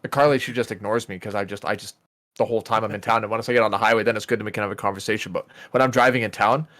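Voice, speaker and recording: A man's voice: fairly low pitch, fairly even intonation, racing, fairly bright tone, no room sound, clean studio sound. A man co-hosting a podcast over a voice call, ranting with lots of swearing and acting out his own outbursts. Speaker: podcast co-host. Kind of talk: casual chat over a call. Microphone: voice call mic.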